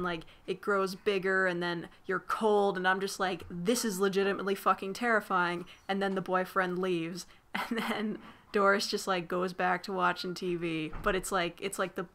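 Casual woman vlogger, bright tense tone, loose rambling delivery full of "like" and cursing. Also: medium pitch. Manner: rambling, filler-heavy, swears freely. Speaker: movie recap vlogger. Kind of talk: casual spoiler recap.

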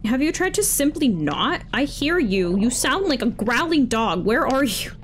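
A woman's voice: high voice, sing-song, normal speed, slight background noise. A woman streaming a video game, chatting away and talking back at the game characters with sudden exclamations. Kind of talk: live gameplay commentary. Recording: game gunfire loud behind voice.

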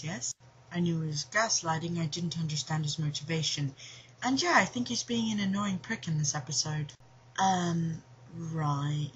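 A woman's voice: fairly low pitch, fairly bright tone, slight background noise. Sarcastic woman reading listener questions. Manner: sarcastic, quick, chatty. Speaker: podcast cast member answering listener questions. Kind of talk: casual chat reading out questions. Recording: dull lo-fi home recording.

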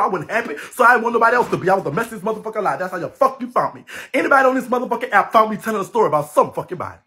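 Brash high-voiced New man ranting. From New Orleans, Louisiana. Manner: brash, loud, laughing, heavy cursing. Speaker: livestream host. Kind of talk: profane livestream rant. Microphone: phone livestream.

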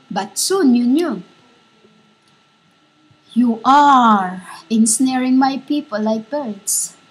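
A woman delivering a fervent prophetic declaration in a halting, repetitive way, speaking as if she were a divine voice. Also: high voice, breathy edge. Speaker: self-styled prophet.

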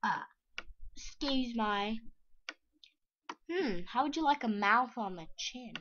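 A young woman giving casual, sarcastic commentary over a screen recording, giggly and excitable, sometimes dropping to a whisper. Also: a little high, takes it slowly, a little hiss or hum. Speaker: vlogger. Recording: dull lo-fi mic with mouse clicks.

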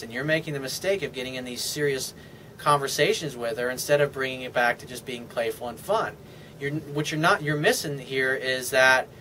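A man's voice: mid-range voice, a bit bright, a little hiss or hum. A man giving blunt, casual dating advice as a coach, with profane, dismissive asides.

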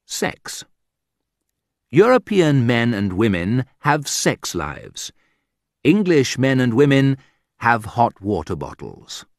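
A man's voice: medium pitch, big pitch swings, slow pace, no room sound. A man reading a humorous essay aloud with a dry, ironic delivery. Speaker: narrator.

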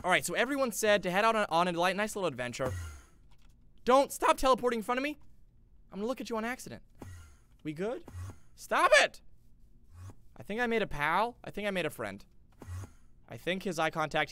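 A young man live-streaming a survival game, chatting with his viewers and yelping when things go wrong. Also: on the high side. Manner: excitable, yelps and laughs at danger, chats to viewers. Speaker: gaming streamer. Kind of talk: live-stream gameplay commentary.

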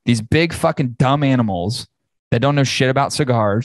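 This podcast host delivers a casual rant, angry and heavily profane. His voice sits at medium pitch and moves at normal speed, with no room sound.

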